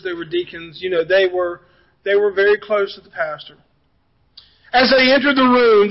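A man's voice: extremely high pitch, gravelly, highs cut off. A man preaching a sermon as pastor, telling joke illustrations and then turning earnest. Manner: storytelling preacher, jokey asides then earnest.

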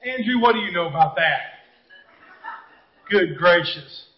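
High-voiced pastor, folksy and joking. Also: male voice, expressive, a little slow, lo-fi sound. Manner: folksy storytelling with jokes and asides to the congregation. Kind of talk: sermon. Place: church sanctuary.

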